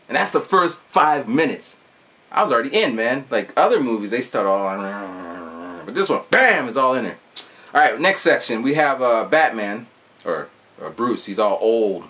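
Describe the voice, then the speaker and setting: A man's voice: fairly low pitch, a bit bright. A man in his forties telling a movie story casually, with sound effects and some swearing. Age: 40s. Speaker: vlogger reviewing a movie. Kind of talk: casual chat.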